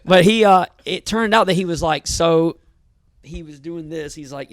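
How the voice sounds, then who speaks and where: A man who coaches at a gym, telling a story in casual podcast chat, animated, swearing and saying "dude" a lot. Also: fairly high pitch, moderate pace, dry recording.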